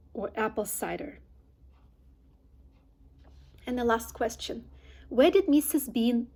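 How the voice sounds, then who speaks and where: A woman reads a children's chapter book aloud, then quizzes her listeners. She speaks clearly and patiently in a slightly higher voice. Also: a little mellow. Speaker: storybook reader. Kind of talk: reading a chapter aloud with quiz questions.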